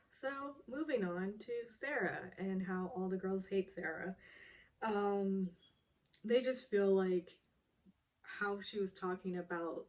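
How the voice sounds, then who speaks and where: A woman's voice: mid-range voice, distant mic. A woman casually recapping a reality show episode, chatty, with lots of ums and small laughs. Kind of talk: casual chat.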